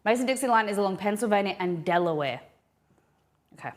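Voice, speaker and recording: A woman's voice: mid-range voice, lively intonation, a little fast. A woman streaming a live cooking session, thinking aloud and rambling with many restarts as she works in a home kitchen. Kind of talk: casual live cooking chat.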